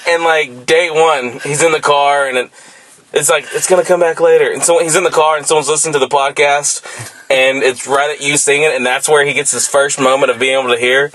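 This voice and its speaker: Dude on a podcast rambling and cussing through goofy stories, kinda higher voice. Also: male voice, steady tone, fairly quick, a bit bright, slight background noise, rough recording. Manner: rambling, profane, storytelling banter. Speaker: podcast co-host. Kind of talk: casual chat.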